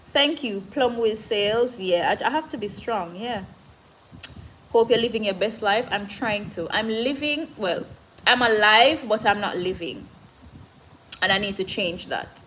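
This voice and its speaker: A woman's voice: medium pitch, lively intonation, measured pace, pushed and bright, slight background noise, rough recording. A woman with a Jamaican accent, hosting a casual live stream and reading viewer comments. She talks in an earnest, motivational way, moves between patois and standard English, and is short of breath.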